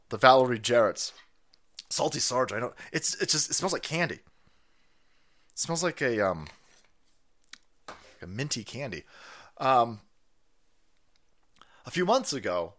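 Male stream host, profane mocking rants, bright animated voice with big pitch swings. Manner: profane, mocking, laughing asides. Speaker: livestream host. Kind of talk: ranting political commentary.

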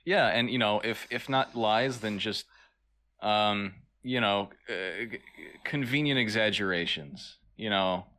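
A man co-hosting a comedy podcast, playing along with dry, deadpan asides. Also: lowish voice, measured pace. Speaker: podcast co-host. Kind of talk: comedic in-character podcast chat.

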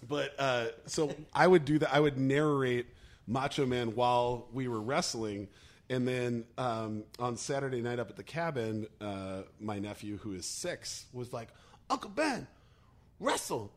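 A man telling a funny story on a podcast in an animated, joking way. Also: mid-range voice, measured pace. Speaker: podcast co-host. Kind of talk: casual storytelling.

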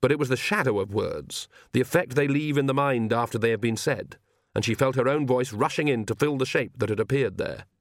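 A man narrates a comic fantasy novel at a middling pitch with measured storytelling. The recording is dry and close, with no room sound. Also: dry recording. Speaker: audiobook narrator. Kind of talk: scripted narration.

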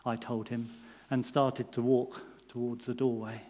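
A man's voice: mid-range voice, level tone, unhurried, darkish tone. Man telling a story in an echoing hall. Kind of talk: first-person allegorical story reading. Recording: long reverb in a large hall.

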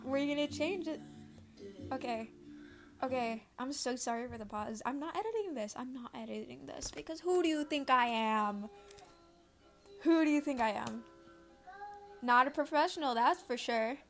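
A woman's voice: high-pitched, lively intonation, normal speed, soft background music. A teenage girl hosting a casual home podcast, rambling, swearing freely and easily losing her train of thought. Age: teens. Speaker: podcast host.

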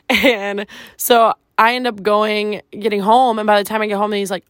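A woman's voice: mid-range voice, level tone, normal speed, a bit bright, no echo, clean studio sound. A woman hosting her own podcast, telling a personal story in a casual, chatty way, filling her talk with "like" and swearing freely. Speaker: podcast host. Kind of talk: candid storytelling monologue.

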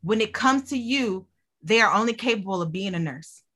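Bright, lively woman telling stories. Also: mid-range voice, normal speed. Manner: lively storyteller, exclaims and hypes points. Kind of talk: faith-based casual chat.

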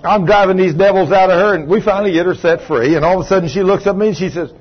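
A man, a pastor preaching a sermon, telling a story in a low voice and then rising loud and emphatic. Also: fast, hardly any pauses, husky, muffled recording. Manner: swings from low quiet telling to loud raised retelling. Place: church sanctuary.

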